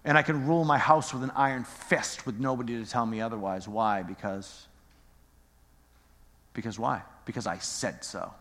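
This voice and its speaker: In the echo of a church hall, this middle-aged pastor speaks with a medium-pitched, slightly bright voice, keeping his intonation fairly even and his pace moderate. He jokes around, talks conversationally, and keeps throwing rhetorical questions at his congregation.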